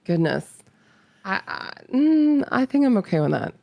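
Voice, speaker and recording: Gravelly-voiced woman chatting as a guest. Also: medium pitch, big pitch swings, unhurried, darkish tone, dry recording. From North Carolina, US. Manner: laughs often, hesitant restarts. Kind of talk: casual chat.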